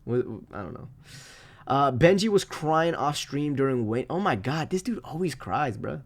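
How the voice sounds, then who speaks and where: A man live-streaming, reading chat comments aloud and reacting in a loose, animated way with plenty of swearing. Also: medium pitch, moderate pace.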